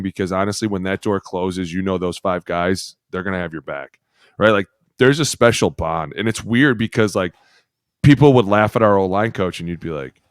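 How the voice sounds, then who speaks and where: A man co-hosting a football podcast, a former offensive lineman who tells profane, animated stories and acts out other people's voices. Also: low voice, clear, resonant tone, no room sound, studio quality. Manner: profane, animated storyteller acting out locker-room voices. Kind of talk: casual chat.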